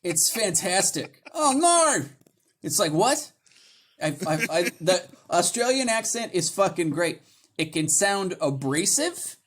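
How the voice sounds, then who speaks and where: Excitable man co-hosting a podcast. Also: high-pitched, unhurried, a little hiss or hum. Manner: excited, profane, many restarts. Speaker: podcast co-host. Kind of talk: casual chat.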